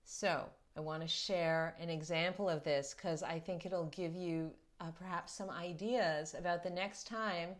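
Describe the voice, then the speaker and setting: A woman's voice: on the low side, fairly even intonation, a little slow, hardly any pauses. A middle-aged woman parenting coach giving earnest, reflective advice and explaining her points through stories. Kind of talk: talking-head advice video.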